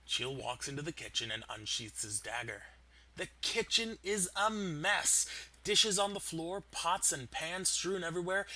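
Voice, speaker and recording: Bright-voiced man narrating a game. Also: a little high. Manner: descriptive, steady storytelling. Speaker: game master.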